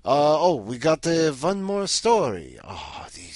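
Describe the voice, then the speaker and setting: In character as Count Dracula, this male vampire host rambles, cracks jokes and puns, and fills his talk with fillers. His voice is a little high and dark-toned, with huge pitch swings and a slow pace, recorded with studio quality and no echo.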